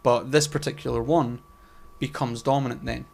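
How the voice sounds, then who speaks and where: A man in easy podcast conversation, his voice sitting at an ordinary middle pitch. He rambles, hunts for words, swears casually and lets phrases drift off quietly. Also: steady tone, moderate pace, gravelly, husky. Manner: trails off quietly mid-sentence. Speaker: podcast co-host. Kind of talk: casual chat.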